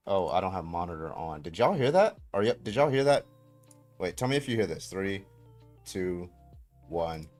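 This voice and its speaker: Low male streamer, casual and profane, loud bursts, faint music behind. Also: big pitch swings, normal speed. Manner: profane, talks through tech setup with sudden loud outbursts. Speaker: livestream host. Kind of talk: casual livestream chat.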